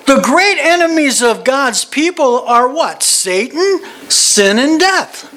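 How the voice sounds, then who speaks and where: Male Bible teacher, lively pitch, rambling and repetitive, faint background noise. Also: takes it slowly, few pauses. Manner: animated, digressive, restarts and repeats words.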